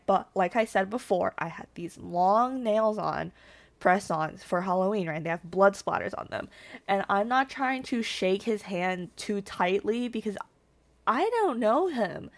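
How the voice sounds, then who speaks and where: A young woman in her twenties tells a story to her viewers, animated and swearing freely. Her voice sits at a middle pitch for a woman. She talks in a casual, chatty way. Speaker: VTuber storyteller.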